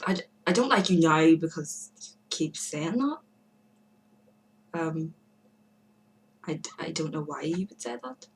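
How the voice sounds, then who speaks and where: Slow, low-voiced woman rambling to camera. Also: expressive, low-quality recording. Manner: hesitant, many fillers and restarts, chatty asides. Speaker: vlogger giving forum shout-outs. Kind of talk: casual rambling monologue to camera. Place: room at home by a window.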